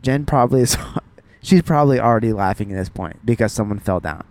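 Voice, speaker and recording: A man with a lowish voice speaks a little quickly as he co-hosts a casual podcast. He's an animated storyteller, laughing a lot and acting out quotes while telling a funny story.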